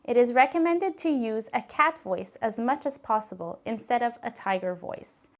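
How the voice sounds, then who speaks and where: A woman with a slightly raised pitch reads a scripted lesson. Her delivery is calm, clear and gently instructive, with steady pacing. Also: normal speed. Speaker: narrator of a voice-care video.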